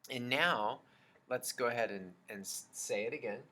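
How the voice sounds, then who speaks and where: A man teaching a children's music lesson, explaining slowly and patiently and chanting rhythm syllables. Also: medium pitch, bright, forceful tone.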